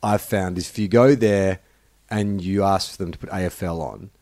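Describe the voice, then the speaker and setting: A man's voice: sits low, moderate pace, a little mellow, no room sound. An Australian man hosting a podcast, chatting casually and trading jokes. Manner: jokey, playful banter. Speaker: podcast host. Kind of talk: casual chat.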